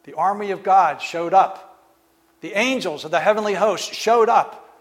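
A man's voice: high voice, unhurried. A man preaching a sermon, retelling stories in a conversational way and acting out the speakers in them. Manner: storytelling, acts out speakers in the stories, fillers.

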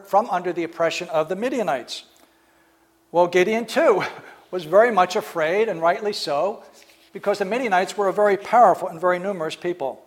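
A man preaching a sermon, retelling stories in a conversational way and acting out the speakers in them. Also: high-pitched. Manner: storytelling, acts out speakers in the stories, fillers.

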